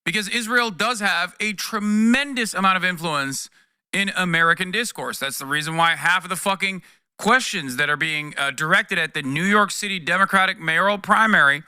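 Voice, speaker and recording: A man's voice: sits high, moderate pace, pushed and bright, smooth, no room sound, clean studio sound. A man streaming casual political commentary, talking with a profane, exasperated edge in bursts with restarts, to his chat.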